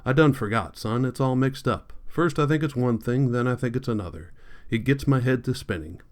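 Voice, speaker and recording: A man's voice: mid-range voice, fairly quick, close to an everyday voice. A man voicing a sorrowful old woman from a storybook. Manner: soft moaning dialect speech. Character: old enslaved woman, sorrowful, weary, confused.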